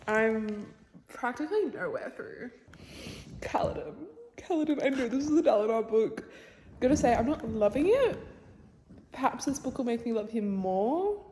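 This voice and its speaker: In her home reading vlog by the bookshelves, a young book vlogger speaks in a warm, expressive, higher-pitched voice at a moderate pace, with slight background noise. Chatty and gushing about what she reads, she often slips into whispers and laughs.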